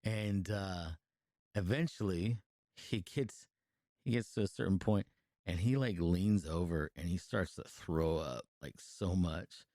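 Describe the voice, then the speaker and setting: Man, lowish voice, podcast co-host, casual swearing movie recap, lots of fillers, dry close sound. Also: unhurried, dark tone, no echo. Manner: rambling and profane, full of fillers and restarts, laughs while telling. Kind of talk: casual chat, retelling a film.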